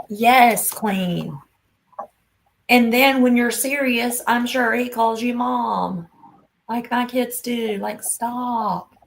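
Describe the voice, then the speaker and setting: Blunt, gravelly woman in her fifties. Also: on the high side, slight background noise, rough recording. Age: 50s. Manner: blunt, scolding, emphatic. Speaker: livestream host. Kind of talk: casual livestream chat.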